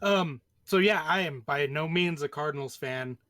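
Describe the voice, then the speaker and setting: A man co-hosts a podcast with a wry, skeptical edge to his remarks. His voice sits a little higher than most men's. It comes across as relaxed banter among friends. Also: moderate pace, dry recording. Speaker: podcast co-host. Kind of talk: casual chat.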